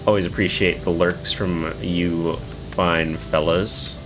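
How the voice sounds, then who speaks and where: A man's voice: low voice, level tone, takes it slowly, music in the background. A man streaming live, chatting casually with viewers in a rambling, swearing way with lots of filler words.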